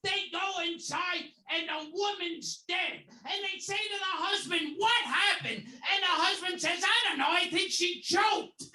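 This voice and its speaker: A man doing a comedic impression of a crude old male insult comic, shouting raunchy jokes with a shrill, strained voice. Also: a little slow, hardly any pauses, exaggerated voice. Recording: roomy, distant mic with loud crowd and noise.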